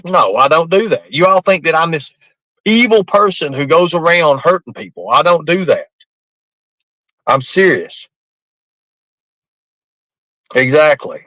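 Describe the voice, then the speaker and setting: A man on a live stream rambles defensively and swears freely. His voice sits fairly high and sounds sharp and forceful. The sound is dry and close. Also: dry recording, rough recording. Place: outdoors at night in the rain.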